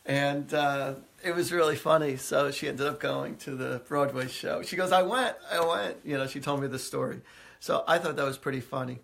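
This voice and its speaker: A man's voice: mid-range voice, fairly even intonation, moderate pace, gravelly, a bit bright. A man hosting a live stream as a psychic, telling stories in a chatty way with many fillers, often laughing. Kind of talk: casual live-stream storytelling. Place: indoors, live video stream.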